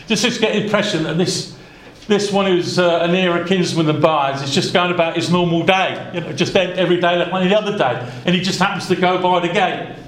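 Earnest preacher man in an echoey hall. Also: sits high. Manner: earnest, conversational, many asides and restarts. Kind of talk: expository Bible sermon. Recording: echoey room.

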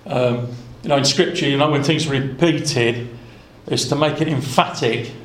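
A man's voice: medium pitch, normal speed, fairly bright tone. Earnest preacher man in an echoey hall. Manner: earnest, conversational, many asides and restarts. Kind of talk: expository Bible sermon. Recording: echoey room.

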